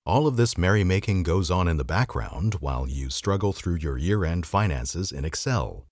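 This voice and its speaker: A very deep-voiced man with a husky, slightly breathy tone reads an old magazine article aloud as a podcast host. His pitch moves a lot, lending a dry, wry lilt to the text. The sound is close and dry, with no room around it. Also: expressive, normal speed, a little mellow, no room sound.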